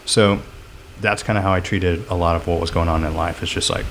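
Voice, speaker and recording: A man's voice: low voice, fairly even intonation, fairly quick, fairly bright tone, slight background noise. A middle-aged man talking through his experiences in a reflective, rambling way, full of fillers, as a guest in a casual podcast chat. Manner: reflective, talks in long rambling runs with many fillers.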